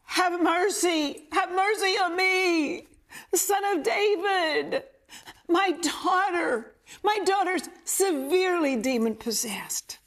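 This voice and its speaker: A woman preacher voicing a desperate mother who cries out for mercy again and again in a high, drawn-out wail. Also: fairly even intonation, fairly bright tone, full character voice. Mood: pleading. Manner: wailing, repeating pleas, slow and high. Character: desperate pleading mother crying for help.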